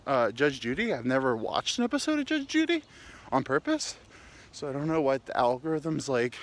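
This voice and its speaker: A man's voice: mid-range voice, huge pitch swings, normal speed. A man hosting a podcast, rambling through a candid, crude comic monologue while walking uphill, slightly out of breath. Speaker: podcast host. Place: outdoors, walking.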